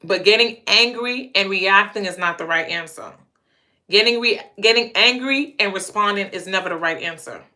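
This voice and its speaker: A woman talks straight to her audience in a loose, casual storytelling monologue. Her voice is bright and forceful. She drives each point home by saying key lines two or three times. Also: medium pitch, normal speed. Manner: emphatic, repeats phrases for punch. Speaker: channel host.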